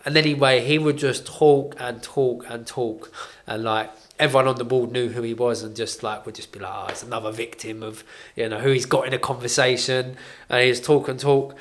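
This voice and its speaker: A young man tells a story in casual podcast chat at an average pitch. He leans on fillers and acts out what others said. The room around him has a noticeable echo. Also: steady tone, brisk. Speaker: podcast co-host. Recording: roomy echo.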